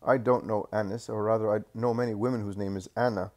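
A man voicing a blunt, hot-tempered fisherman apostle who mocks his accusers with quick retorts. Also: on the low side, fairly even intonation, darkish tone, lightly acted. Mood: mocking. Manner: mocking, quick-witted retorts.

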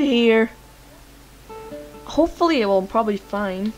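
A woman's voice: mid-range voice, measured pace, long pauses, muffled recording, soft background music. A young woman with a Lithuanian accent, a native Lithuanian speaker doing let's-play commentary, laughing, swearing and joking at the screen. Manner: loud, giggly, cursing, joking at the screen. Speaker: gamer.

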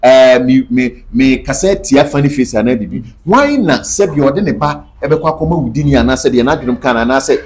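A man's voice: mid-range voice, animated, fairly quick, few pauses, a little mellow. A man with a Ghanaian accent, speaking as an interview guest in an emphatic, preachy way and mixing Twi and English. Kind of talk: animated interview talk.

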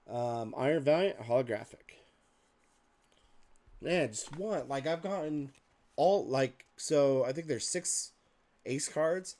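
A man hosting a card-opening video, reading card names aloud in a list with casual muttered asides, slightly hoarse and clearing his throat. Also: fairly high pitch, expressive, slow, long pauses, a little mellow. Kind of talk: casual pack-opening commentary.

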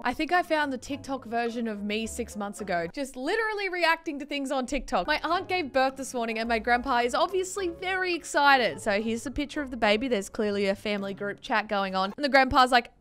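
A woman's voice: high-pitched, lively intonation, a little fast, few pauses, fairly bright tone. A young woman, giggly and casually swearing as she reacts to funny clips on her channel. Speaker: YouTuber reacting to TikToks.

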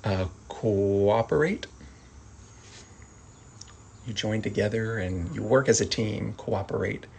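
A man teaching sign language vocabulary, calmly repeating each word and adding gentle asides. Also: fairly low pitch, gravelly, a little hiss or hum, rough recording. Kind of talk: slow vocabulary lesson.

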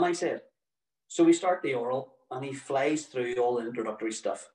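A man's voice: medium pitch, expressive, moderate pace, echoey room, recorded from a distance, rough recording. A middle-aged man, telling a personal story to an audience with dry, wry, mock-exasperated humour.

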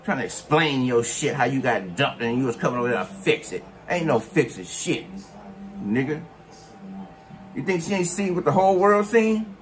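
Male vlogger, mid-pitch voice, scolding and mocking rant style with faint music behind. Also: big pitch swings, moderate pace. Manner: scolding, mocking, heavy slang and cursing. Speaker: commentary vlogger. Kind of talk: profane reaction rant.

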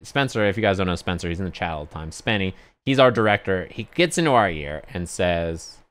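Guy on stream telling a story, smooth clear voice, mid pitch, dry close mic. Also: quick pace, few pauses, no room sound. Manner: animated anecdote, acts out others yelling in high pitch.

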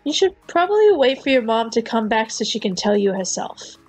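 A woman voicing a calm, fatherly adult male park ranger in a fan comic read-aloud, speaking steadily and reassuringly. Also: a little high, a little fast, breathy edge, dry recording, faint music behind, low-quality recording. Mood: gentle. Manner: steady, reassuring, mildly scolding.

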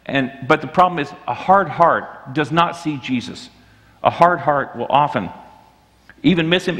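A man with a fairly high voice delivers an earnest sermon, circling back and restarting his phrases as he preaches. His words ring out with a long reverb from a church hall. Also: fairly bright tone. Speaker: pastor. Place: church sanctuary.

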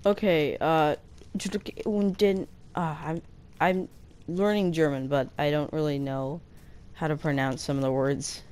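A woman hosting a gaming channel, chatting casually as she plays, breaking into excited squeals and slowly sounding out foreign words. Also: low-pitched, clean tone. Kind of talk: casual gameplay commentary.

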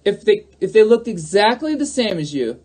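This male streamer's high voice swings widely in pitch, with a darkish, slightly rough tone at a normal speed. Addressing his audience head-on, he repeats himself forcefully and keeps hailing them throughout the livestream.

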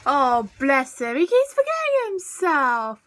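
A woman's voice: high voice, sing-song, slow pace. Tipsy woman swearing at the screen. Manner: swears freely, loud outbursts at the screen. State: tipsy from drinking. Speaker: reaction video host. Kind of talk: tipsy reaction commentary.

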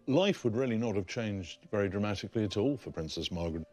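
A man's voice: on the low side, expressive, a little fast, a little mellow, soft background music. A man explaining historical documents in an emphatic, explanatory way.

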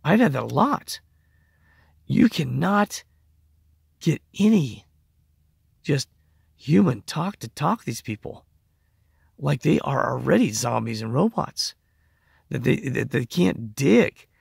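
A hoarse man talks in a loose, wandering monologue, his voice gravelly and raspy. His pitch swings a lot as he acts out other people's replies. The recording is dry and close. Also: very animated, measured pace, pauses often, no room sound. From United States. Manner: rambling, acts out quoted conversations. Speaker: vlogger. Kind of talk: casual rambling monologue.

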